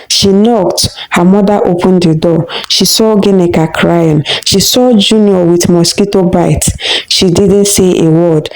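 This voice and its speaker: A woman's voice: fairly low pitch, darkish tone, rough recording. A woman narrating a scripted story in a dramatic, conversational way.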